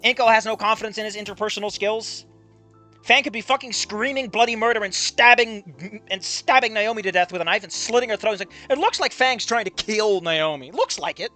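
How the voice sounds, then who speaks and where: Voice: medium pitch, a little fast, bright, forceful tone, soft background music. A reader of fan fiction who breaks in with exasperated, profane rants about the writing. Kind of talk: reading fan fiction aloud with comedic commentary.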